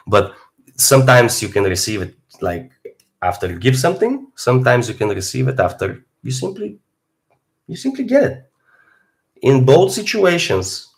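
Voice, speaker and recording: A young man from Bulgaria with a Bulgarian accent, a fitness streamer talking casually on a live stream and swinging from low mutters to loud outbursts.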